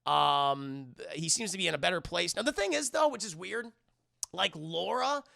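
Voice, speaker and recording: Brief: excitable, foul-mouthed male streamer reviewing a film, high, sharp voice. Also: normal speed, vocal fry. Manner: excitable, profane, retells scenes animatedly. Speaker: movie reviewer and live streamer. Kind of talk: casual live-stream movie review.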